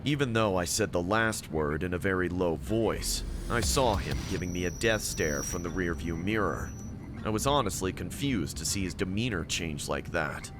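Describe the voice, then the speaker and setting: Low-voiced man narrating a story. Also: lively intonation, normal speed, background noise. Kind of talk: scripted first-person story narration. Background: music.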